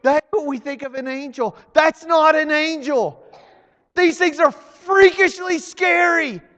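High-voiced preacher in a reverberant church. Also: male voice, unhurried, muffled recording. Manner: swings from hushed to shouted, dramatic emphasis. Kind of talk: sermon. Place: church hall. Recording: long hall reverb.

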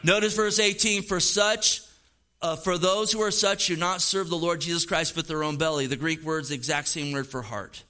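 A man delivers a sermon as a pastor, talking in an emphatic, casual way and dropping slang into his preaching. His voice sits high and sounds bright and forceful. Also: steady tone, normal speed.

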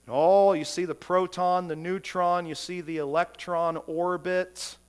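Slow, emphatic male preacher. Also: sits high, steady tone, clear, resonant tone. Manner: emphatic preaching with rhetorical questions, stammering repeats. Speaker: pastor. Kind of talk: sermon.

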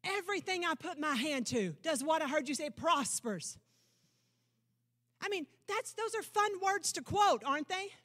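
Woman pastor, high voice, bright and forceful tone, emphatic sermon delivery, rhetorical questions, loud-to-low swings. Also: animated, normal speed. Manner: swings from loud declarations to low intense asides. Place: church service.

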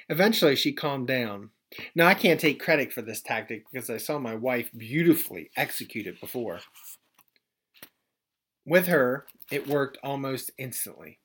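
A man in his thirties preaching a sermon as pastor, in a gentle, conversational way with folksy asides. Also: medium pitch, lively intonation, normal speed.

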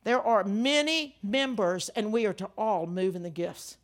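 Older woman preacher, animated and emphatic. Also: mid-range voice, measured pace. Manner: animated, emphatic, laughs through stories. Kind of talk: sermon with storytelling.

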